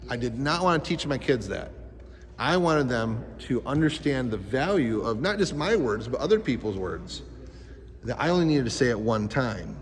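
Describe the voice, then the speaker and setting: A man's voice: medium pitch, very animated, normal speed. A man teaching a life skills class to youths, talking with energy and quizzing the kids with questions. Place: school gym. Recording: echoey gym hall.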